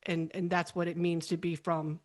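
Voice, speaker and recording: A woman hosting a casual interview, chatty and quick to laugh. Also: lowish voice. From United States. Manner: chatty, animated, laughs easily. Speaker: podcast host.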